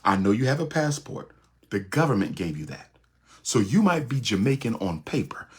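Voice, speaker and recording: A man giving an impassioned lecture in a rhythmic, repetitive preaching cadence, with a husky voice. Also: lowish voice, big pitch swings, normal speed, a little mellow. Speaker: speaker.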